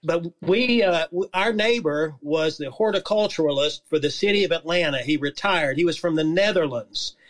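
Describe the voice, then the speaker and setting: A man with a slightly higher voice talks through gardening and bee stories at an easy pace. He tells his anecdotes calmly, like a seasoned grower. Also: moderate pace, few pauses. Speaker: beekeeper and gardening guest. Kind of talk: casual chat.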